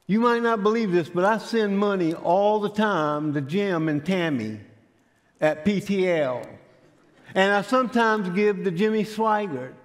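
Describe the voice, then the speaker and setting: A man voicing a pleading, excitable troublemaker who begs to be rescued. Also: moderate pace, hardly any pauses, natural voice. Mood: eager. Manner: whiny, pleading, pitched up. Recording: church hall with long reverb.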